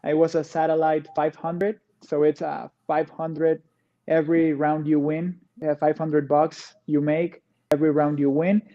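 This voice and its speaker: A man from Mexico with a Spanish accent, a guest answering interview questions in an easygoing way, pausing often on "uh.". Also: on the high side, little pitch movement, dull audio. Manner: easygoing, frequent "uh" pauses. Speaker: guest, pro racquetball player.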